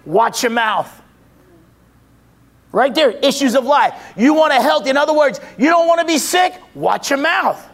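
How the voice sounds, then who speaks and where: A man preaching a sermon, asking and answering his own questions, shouting at times and then dropping low. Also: vocal fry.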